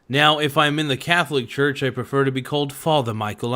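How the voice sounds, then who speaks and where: A man's voice: medium pitch, steady tone, brisk, few pauses, bright, forceful tone. A man hosting a livestream podcast, chatting casually and profanely while he eats and reads out his live chat. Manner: rambling and profane, with many fillers.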